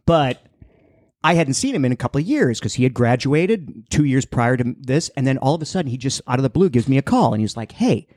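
A young man telling a long, rambling story on a casual podcast, jumping into high-pitched voices for the people in it. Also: animated, a little fast, a little mellow, dry recording, clean studio sound. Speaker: podcast co-host.

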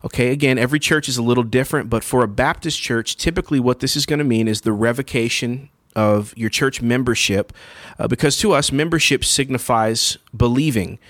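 A man's voice: medium pitch, fairly quick, no echo, clean studio sound. A man preaching a sermon in a conversational teaching style, often checking in with his listeners and restarting phrases. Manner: conversational, checks in with "okay?" and "all right?"; frequent fillers and restarts. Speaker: pastor.

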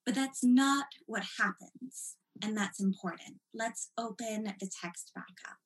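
A woman teaching a text study lesson in an animated, explanatory way, stressing key points. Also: on the high side, measured pace, poor audio.

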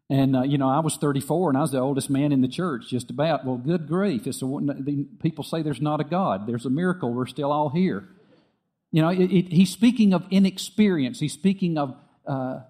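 A middle-aged man preaching a sermon, earnest and repetitive, dropping soft and quiet when he tells a story. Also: fairly high pitch. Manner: earnest, repeats phrases, drops soft for quoted dialogue. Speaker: pastor.

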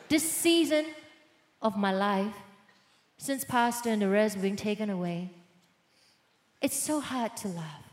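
A woman pastor giving a sermon testimony, telling her story with animated swings between loud bursts and hushed lines. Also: mid-range voice, unhurried, long pauses, roomy sound.

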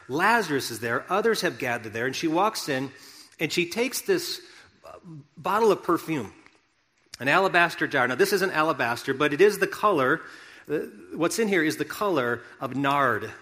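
A man with a fairly high voice preaches a sermon in a large hall, and his words ring out with a long reverb. His delivery is conversational and animated, quiet asides giving way to loud, excited bursts. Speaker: pastor.

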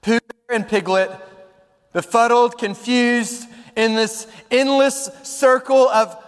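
A man's voice: very high-pitched, steady tone, slow pace, smooth, in a large hall. A man preaching as a pastor, reading a children's story aloud in an informal, self-deprecating way.

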